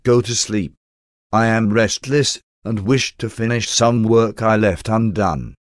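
A man voicing a secretive husband who speaks in a hoarse, harsh and stern voice. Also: lowish voice, unhurried, no echo, clean studio sound, natural voice. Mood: stern command.

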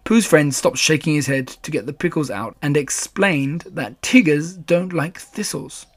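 A man narrating a classic children's story in a measured, gentle storytelling manner. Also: fairly high pitch. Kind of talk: storybook reading.

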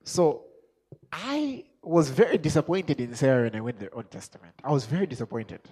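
A man preaching a sermon as an apostle, chuckling and asking himself questions as he builds from quiet musing to shouted exhortation. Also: fairly high pitch, animated, moderate pace, husky. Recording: long hall reverb.

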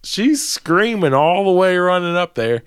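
Podcast guy rambling thru a sweary story, smooth clear voice, dry close sound. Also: high-pitched, big pitch swings, measured pace, dry recording. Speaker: podcast co-host. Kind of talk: casual storytelling.

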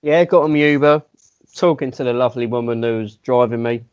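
A young man telling his side of a story in casual chat, low-key and self-deprecating, with some hesitant restarts. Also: fairly quick, clear, resonant tone. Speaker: guest.

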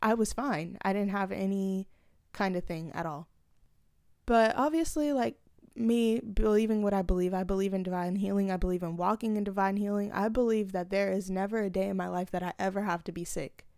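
Speaking close to the mic in a small room, a woman hosts her own podcast with casual, earnest talk that rambles through fillers and restarts. Her mid-range voice is smooth, clear, a little mellow, and a bit fast, and the recording is dry with no echo or room sound.

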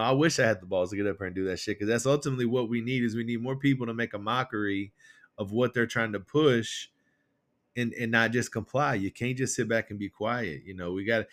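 A man co-hosting a political podcast, rambling and animated as he retells stories with quoted voices. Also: fairly low pitch. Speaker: podcast co-host. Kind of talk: casual political chat.

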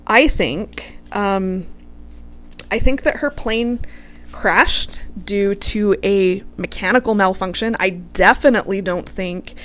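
A woman's voice: mid-range voice, slow pace, a bit bright. A woman casually telling a history story to her viewers, gushing over her subject, swearing freely and close to tears.

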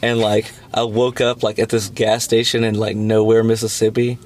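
A man's voice: lowish voice, flat delivery, normal speed. A man with a Southern US accent, a touring musician chatting easily with many fillers. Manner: easygoing, agreeable, lots of fillers. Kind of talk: casual chat.

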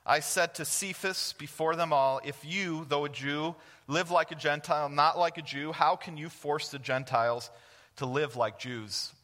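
A man's voice: a little high, normal speed, a bit bright, in a large hall. A man preaching a sermon as a guest speaker at a church, earnest, putting questions to the congregation and answering them himself. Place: church sanctuary.

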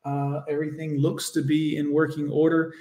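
A man's voice: fairly high pitch, monotone, normal speed, warm tone, a little hiss or hum. Sarcastic male streamer reacting to a video. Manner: sarcastic, blunt, talks to chat. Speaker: streamer host. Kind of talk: live-stream reaction commentary.

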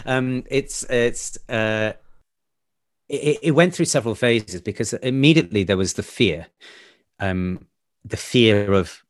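A man's voice: lowish voice, no room sound, clean studio sound. A man, an actor and A&E doctor, candidly telling personal stories in conversation, laughing often and acting out family dialogue. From United Kingdom.

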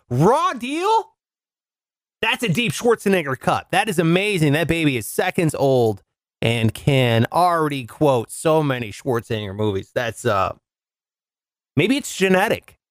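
A man's voice: fairly bright tone, dry recording, clean studio sound. A man hosting a comedy news show, riffing sarcastically on the stories. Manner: riffing, sarcastic, jumps in pitch for jokes.

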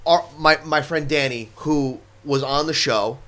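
A man's voice: a little high, a little slow, a bit bright. A man hosting a podcast in casual chat, swearing a lot as he rants about his life. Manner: profane, heated and ranting. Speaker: podcast host.

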